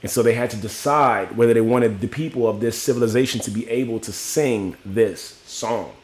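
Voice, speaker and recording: A man's voice: mid-range voice, moderate pace, a little mellow. A young man from Miami hosting a casual livestream, talking loosely with lots of "you know what I'm saying" and greeting viewers by name as he goes. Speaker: livestream host.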